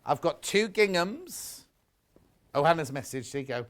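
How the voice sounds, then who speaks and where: A middle-aged Briton fronting a live shopping channel chats and gossips between products, reading out viewer messages with rambling asides. His voice is on the high side and a bit bright, with big pitch swings and a slightly slow pace.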